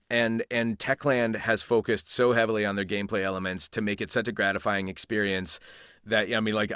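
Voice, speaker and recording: A man who is a voice actor, chatting as an interview guest and telling animated stories with many restarts. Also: lowish voice, dry recording, clean studio sound. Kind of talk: casual interview chat.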